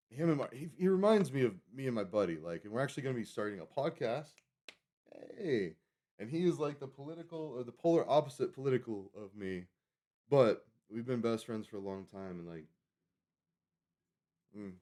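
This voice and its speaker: Rambling low-voiced man streaming. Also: warm tone. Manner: chatty, digressive, self-correcting. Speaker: live streamer. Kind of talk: rambling casual stream chat.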